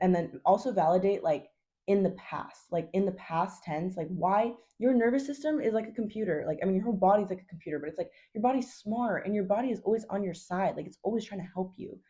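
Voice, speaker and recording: Blunt, chatty woman coach with a mellow voice. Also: fairly low pitch, fairly quick. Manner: blunt, chatty, swears, says 'like' constantly. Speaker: hormone health coach. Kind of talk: casual advice vlog.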